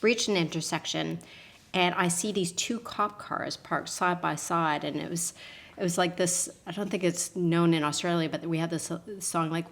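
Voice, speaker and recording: A woman, a podcast guest telling a personal story with lively voice shifts for the people in it. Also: lowish voice, moderate pace, gravelly. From Canada. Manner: acts out quotes with lively voice shifts and laughs.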